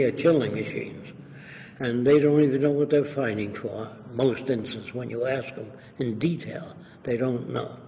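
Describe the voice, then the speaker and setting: A man's voice: mid-range voice, long reverb tail, slight background noise, rough recording. An older man, an interview guest, telling anecdotes and acting out the people in them. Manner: animated, acts out quoted voices. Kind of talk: anecdotal storytelling.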